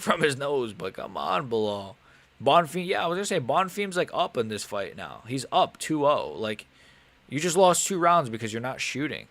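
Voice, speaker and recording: A man's voice: mid-range voice, dry recording. A young man casually commentating a live fight on a stream, swearing and getting worked up, often grumbling under his breath. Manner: casual, swearing, animated and frustrated. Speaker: MMA streamer.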